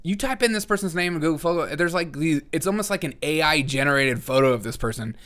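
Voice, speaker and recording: A man's voice: fairly high pitch, animated, fast talker, fairly bright tone. A man hosting a comedy news live stream, talking sarcastically and laughing often. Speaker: host.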